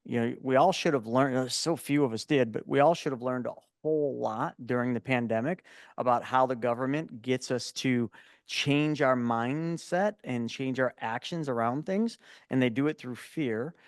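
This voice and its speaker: A man in his forties, a guest in an interview, telling stories in a lively, casual way and often repeating words as he starts a thought. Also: medium pitch, moderate pace, no room sound, studio quality. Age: 40s. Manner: animated storyteller, repeats words when starting.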